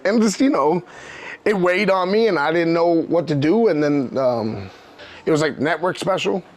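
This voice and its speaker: A man's voice: fairly high pitch, animated, normal speed, a little mellow. A New man in his thirties, a professional wrestler guest, tells his own story with open emotion. His voice sits a little above the usual male range. He rambles and circles back, filling his talk with "you know what I mean". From New York. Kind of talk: candid personal storytelling.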